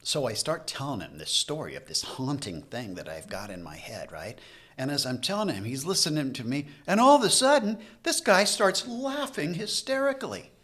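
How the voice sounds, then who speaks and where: Animated man telling a story. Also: a little high, normal speed. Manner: animated storyteller, acts out his own past lines. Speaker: podcast guest. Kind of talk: casual conversation, storytelling.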